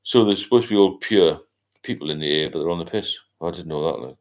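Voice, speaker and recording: Older man, very low voice, rambling livestream host, casual chat. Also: fast talker. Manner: rambling, reads out viewer comments.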